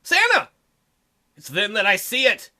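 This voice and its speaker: A man's voice: extremely high pitch, sing-song, fairly quick, bright, forceful tone. A man hosting a visual novel playthrough, narrating the text with crude, joking asides. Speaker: let's play host.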